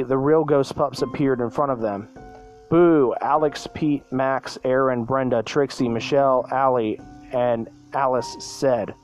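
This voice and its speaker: A man reads a homemade story aloud at a plain, middling pitch. He trips over words and corrects himself mid-sentence. Faint background music runs underneath. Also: darkish tone, low-quality recording. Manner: stumbling, self-correcting reading. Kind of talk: reading a fan story aloud.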